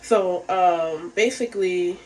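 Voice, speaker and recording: A woman's voice: lowish voice, takes it slowly. Rambling woman recapping a reality show. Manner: rambling, filler-heavy, frank and profane. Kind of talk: casual recap chat.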